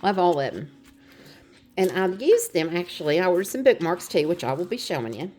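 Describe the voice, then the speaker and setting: A woman's voice: fairly low pitch, sing-song, a little fast, darkish tone. A middle-aged woman chatting casually to her phone camera, rambling with fillers as she shows off items. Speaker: vlogger. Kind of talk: casual show-and-tell chat.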